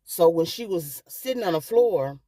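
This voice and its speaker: A woman's voice: fairly low pitch, lively intonation, moderate pace, mellow, dry recording. A middle-aged woman vlogging, telling a personal story with emotion and often calling her viewers "guys".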